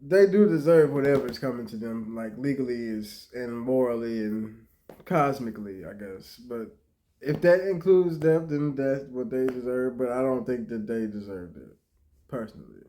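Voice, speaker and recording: A man's voice: mid-range voice, moderate pace, mellow. Blunt joking man with slangy commentary. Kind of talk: reaction commentary.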